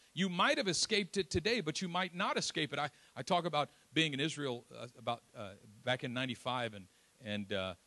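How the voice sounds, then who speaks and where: A man from East Oakland preaching a sermon, telling a personal story with lively acted-out quotes and self-deprecating asides. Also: on the high side, dry recording. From East Oakland, California. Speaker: pastor.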